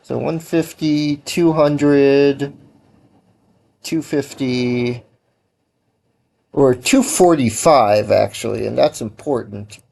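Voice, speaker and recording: A man of medium pitch chats loosely on a programming livestream. He rambles and corrects himself mid-sentence while giving casual advice. He sounds a little tired and yawny. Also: takes it slowly, gravelly, pauses often, dark tone. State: tired, yawning. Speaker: livestreaming game developer.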